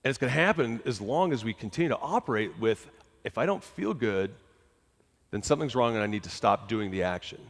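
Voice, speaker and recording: A middle-aged man giving a motivational talk, telling a personal story to a live audience in a conversational, animated way and often asking the crowd questions. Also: mid-range voice, brisk. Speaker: motivational speaker. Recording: long hall reverb.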